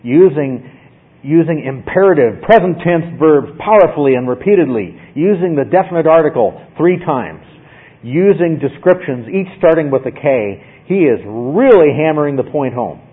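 A man's voice: fairly high pitch, expressive, normal speed, breathy edge. Emphatic male Bible teacher, tinny sound. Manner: emphatic, asks "okay?" often. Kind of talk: Bible study lecture.

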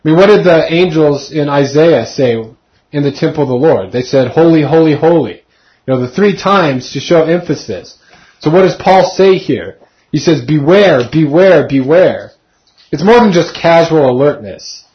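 A man's voice: on the high side, expressive, normal speed, highs cut off. A man in his thirties casually teaching a Bible study, talking conversationally and asking his group questions.

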